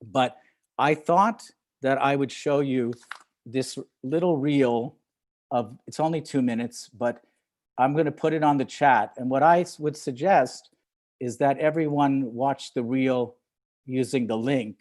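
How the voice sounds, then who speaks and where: A man's voice: medium pitch, measured pace, a little mellow. An older man, a film director, addressing an audience over a video call, hesitant, with frequent fillers, restarts and chuckles. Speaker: film director, guest speaker. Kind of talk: relaxed talk on a video call.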